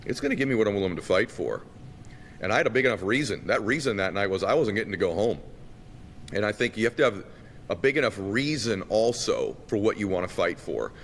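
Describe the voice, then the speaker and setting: A man from Massachusetts, a guest telling a childhood story animatedly and acting out the voices. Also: brisk. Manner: animated storyteller who acts out quotes. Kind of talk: storytelling in a conversation. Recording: long reverb, faint rumble.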